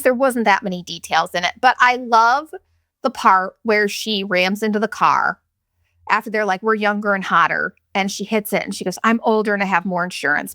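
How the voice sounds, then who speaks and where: A woman in her forties hosts a solo podcast, rambling through jokey stories full of swearing. Her voice sits a little high. She is recorded close and dry, with almost no room sound. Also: bright, forceful tone, dry recording. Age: 40s. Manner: profane, rambling, jokey storytelling. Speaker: podcast host. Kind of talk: casual solo podcast chat.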